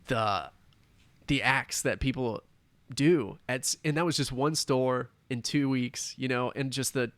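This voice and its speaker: A man's voice: mid-range voice, unhurried, a bit bright, no echo. Earnest man talking, dry sound. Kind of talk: casual conversation.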